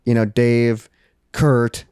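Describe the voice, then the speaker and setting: A man's voice: medium pitch, little pitch movement, drawn-out words, a little mellow, clear, resonant tone, dry recording, studio quality. A young man co-hosting a podcast, telling a rambling anecdote with fillers and laughs in casual chat. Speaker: podcast co-host.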